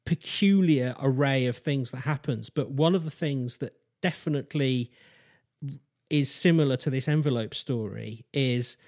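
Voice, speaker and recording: A man, hosting a casual podcast chat and telling a strange story in a halting way, full of fillers and restarts. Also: medium pitch, darkish tone. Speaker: podcast host.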